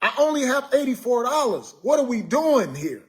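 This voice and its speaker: This man's voice is extremely high, with big pitch swings, at a normal speed. Ranting casually to his live stream viewers, he sounds exasperated and jokey, repeating himself and tacking "man" onto his lines.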